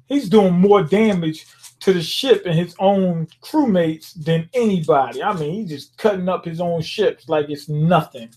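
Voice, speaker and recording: A man with a fairly high voice recaps a manga chapter in an easygoing, rambling way. His talk is loose and full of slang, and he keeps drifting into bits of the characters' dialogue. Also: lively intonation, measured pace, a little mellow. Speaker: manga reviewer.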